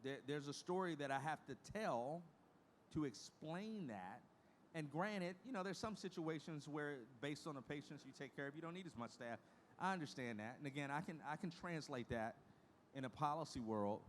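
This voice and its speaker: A man's voice: fairly high pitch, lively intonation, moderate pace, a little hiss or hum. Emphatic folksy man presenting at a conference. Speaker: conference speaker.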